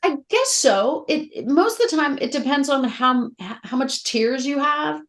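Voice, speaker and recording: A middle-aged actress speaking as a guest in a casual interview, candid and emotional, telling stories with a lot of feeling. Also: female voice, high voice, moderate pace. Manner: candid, emotional, animated storytelling.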